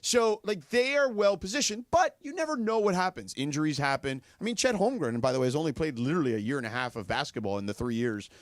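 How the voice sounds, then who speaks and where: Animated male sports-radio co-host, dry mic. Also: on the high side, fast, few pauses, dry recording. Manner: chatty, animated, lots of filler agreement. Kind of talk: casual sports talk. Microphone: studio microphone.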